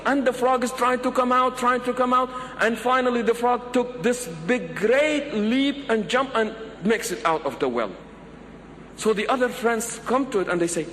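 A man's voice: very high voice, animated, normal speed, a bit bright. A man preaching a sermon, telling stories and acting out the pleading voices of his characters. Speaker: Islamic preacher. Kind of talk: sermon with storytelling. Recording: long hall reverb, faint background noise.

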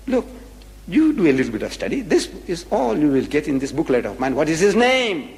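A man's voice: on the high side, huge pitch swings, fairly quick, darkish tone, in a large hall. A man giving a public religious lecture, emphatic, firing rhetorical questions and repeating his points.

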